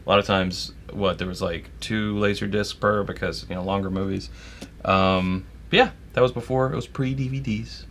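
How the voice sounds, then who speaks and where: A man's voice: lowish voice, steady tone, moderate pace, fairly bright tone, slight background noise. A man co-hosting a casual whiskey tasting livestream, joking and drifting into rambling tangents. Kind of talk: casual chat.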